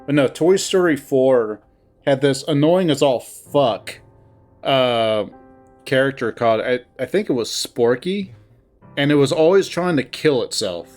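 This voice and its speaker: A man's voice: mid-range voice, lively intonation, measured pace, a little mellow, faint music behind. Rambling, swearing man on a call. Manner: rambling, laughing, profane. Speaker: co-host playing a visual novel. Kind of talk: casual chat. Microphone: online voice call.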